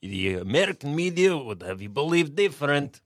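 A man's voice: normal speed, dry recording, clean studio sound. A comedian voicing a laid-back, preachy revolutionary man in a radio improv sketch, talking like a slacker dude. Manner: slacker drawl, lively pitch. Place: radio studio.

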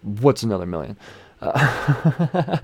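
A man's voice: mid-range voice, sing-song, slow pace, breathy edge, no echo. A man casually recapping a comic issue, rambling, swearing freely and chuckling as he goes. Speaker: comic book reviewer.

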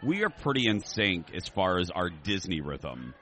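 A man's voice: sits low, sing-song, normal speed, fairly bright tone, soft background music. A man co-hosting a podcast, chatting and joking as he rambles through stories, recorded on location in a restaurant. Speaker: podcast co-host. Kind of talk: casual chat. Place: themed restaurant.

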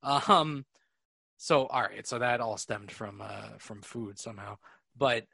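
A young man hosting a casual podcast, his voice bright and forward with a husky grain. He rambles, laughs easily and swears without thinking, and the sound is dry and close with no room around it. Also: fairly low pitch, slow, dry recording. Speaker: podcast host.

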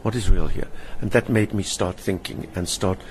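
A man's voice: low voice, moderate pace, a little hiss or hum. Older South African man telling stories. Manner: vivid storyteller, acts out quoted voices. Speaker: interview guest, stage performer. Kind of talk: personal storytelling in an interview. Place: hotel lounge.

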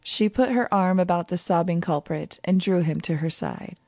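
Female audiobook narrator; calm, mellow, lower-pitched read, dry close sound. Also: normal speed, no echo. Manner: calm, even storytelling. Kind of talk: scripted narration.

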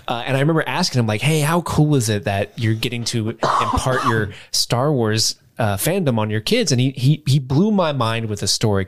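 Chatty man reading listener mail. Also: mid-range voice. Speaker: podcast co-host. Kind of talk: casual chat, reading listener emails.

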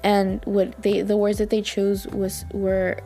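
A woman hosting her own podcast talks in a loose, gushing way, full of fillers and asides. Her voice has a gravelly fry at the ends of phrases and sits at a medium pitch, with faint music playing underneath. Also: monotone, measured pace, mellow. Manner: gushing and chatty, with many fillers. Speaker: podcast host. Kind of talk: casual chat.

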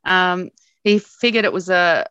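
A middle-aged Australian woman, a broadcast journalist being interviewed, reminisces about her upbringing in lively, animated stories, laughing often. Her voice is low, her pace measured and her tone clean. The lo-fi recording is close and dry, without echo.

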